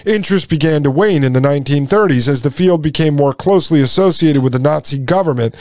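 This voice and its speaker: A man's voice: fairly high pitch, quick pace, darkish tone, no echo, clean studio sound. A man hosting a commentary show, reading out passages and reacting with emphatic indignation to his listeners. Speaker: podcast host. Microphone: sunglasses on camera, studio mic.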